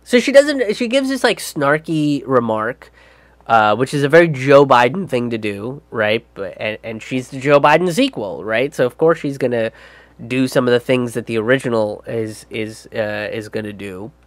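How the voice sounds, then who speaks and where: A man's voice: medium pitch, lively intonation, moderate pace, dry recording. A young man doing political comedy commentary in a ranting, profane way with lots of fillers.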